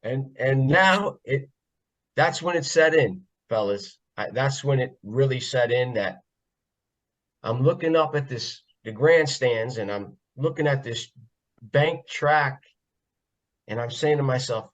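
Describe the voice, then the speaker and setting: A man's voice: mid-range voice, expressive, slow. A man from the northeastern US, a podcast guest telling casual stories in a jokey, laughing way. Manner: jokey, laughs often, self-described funny guy. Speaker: podcast guest, former pit crew member. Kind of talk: casual storytelling. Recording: slightly dull lo-fi audio.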